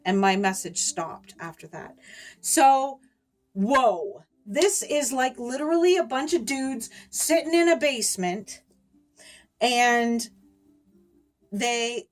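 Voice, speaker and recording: A middle-aged woman with a slightly high voice chatting to camera as a YouTuber. She rambles, circles back on herself and laughs between words while telling a story. Her talk is casual and loose. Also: animated, takes it slowly, soft background music. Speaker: YouTuber warning viewers about scammers.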